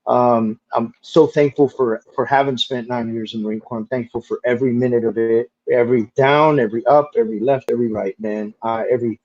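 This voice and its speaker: A man being interviewed as a guest, telling stories casually in a lively way, with easy swearing and lots of "like" fillers. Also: mid-range voice, a little fast, few pauses, muffled recording.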